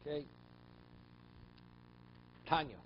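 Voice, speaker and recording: A rabbi giving a Talmud class, reading Aramaic passages and explaining them in English, often checking with "okay?" and "right?". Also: male voice, very slow. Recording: slightly dull, faint room noise.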